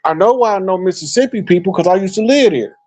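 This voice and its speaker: A middle-aged man from Chicago, telling stories in a relaxed, animated way as a guest speaker. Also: high voice, fast talker. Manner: animated storyteller, acts out quoted remarks. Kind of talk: casual storytelling talk.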